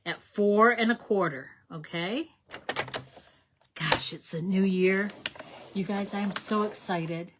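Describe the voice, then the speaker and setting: Speaking at a medium pitch, slowly and with frequent pauses, a middle-aged woman leads a card-making tutorial against a noisy background. As channel host and craft demonstrator, she's chatty and eager, addresses viewers as "you guys," explains each step, and keeps correcting herself.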